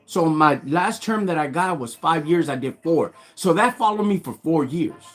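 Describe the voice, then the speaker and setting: A man's voice: a little high, lively intonation, moderate pace. A man telling a story from his past on a live stream, heavy on street slang and getting fired up as he goes. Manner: street slang, gets fired up and loud when retelling. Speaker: livestream host.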